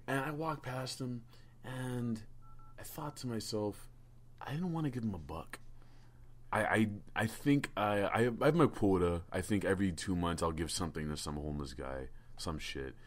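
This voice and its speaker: A man's voice: fairly low pitch, normal speed. A man telling a rambling, profane story on a casual podcast, stammering and restarting often. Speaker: podcast co-host.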